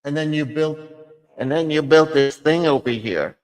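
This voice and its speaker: A man's voice: medium pitch, a little fast, a little mellow, in a large hall. A man hosting a casual live stream, rambling about his plans and trying out silly voices.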